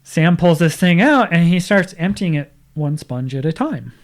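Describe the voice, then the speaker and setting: A man's voice: a little high, sing-song, moderate pace. A man talking as a podcast guest, telling a casual story, acting out what others said and laughing often.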